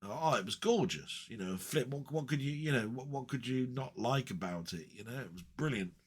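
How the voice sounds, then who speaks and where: A man's voice: medium pitch, lively intonation, normal speed, breathy edge. A man rambling in a casual, chatty way with frequent ums and asides as a retro gaming vlogger.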